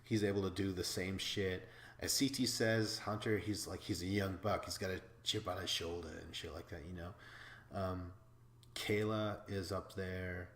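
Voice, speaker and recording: A man from Wisconsin hosting a podcast, recapping episodes in a casual, excitable way, swearing freely and laughing as he talks. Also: sits low, a little slow, reverberant. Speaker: podcast host.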